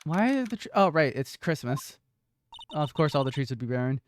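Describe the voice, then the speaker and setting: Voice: medium pitch, moderate pace, a little hiss or hum. A streamer playing through a story game, reading the lines and joking in between. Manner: lively, joking, voices the hero's lines too. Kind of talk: game playthrough with commentary.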